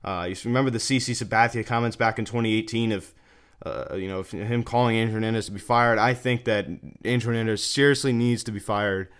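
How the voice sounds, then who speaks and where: A man with a fairly low voice hosts a fan sports channel and talks through game replays. He sounds exasperated and repeats himself, and his voice leaps upward whenever he can't believe what he's seeing. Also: steady tone, quick pace, fairly bright tone, clear, resonant tone. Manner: exasperated and repetitive, pitch swinging up in disbelief.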